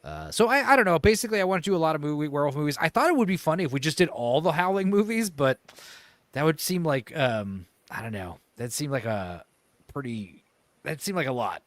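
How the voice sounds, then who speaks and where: A man hosting a casual podcast, chatting about movies in a rambling way, with many pauses and self-corrections. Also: a little high, lively intonation, dry recording. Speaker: podcast host.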